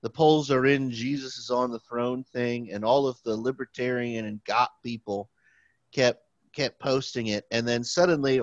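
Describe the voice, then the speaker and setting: A man's voice: medium pitch, fairly even intonation, moderate pace, dry recording. A man co-hosting a podcast, chatting casually and making wry, sarcastic asides. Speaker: podcast co-host. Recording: dry, dull lo-fi mic.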